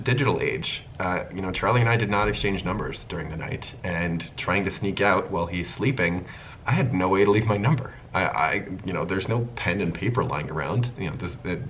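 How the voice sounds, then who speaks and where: A man's voice: low voice, slight background noise, rough recording. A man hosting his own channel, telling a casual storytime and acting out the people in it as he goes. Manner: animated storytelling, acting out the dialogue. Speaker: YouTube host.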